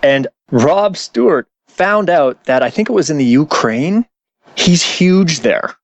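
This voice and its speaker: A man's voice: medium pitch, no room sound. Guest actor, male, chatty storyteller with easy laughs; dry close mic. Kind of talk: casual podcast interview.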